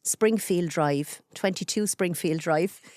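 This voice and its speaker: Chatting fast and gesturing as she talks, this Irish journalist and radio presenter in her forties is a podcast guest in a relaxed interview. Her Carlow-accented voice is fairly low and a little mellow, captured in clean studio sound with no echo.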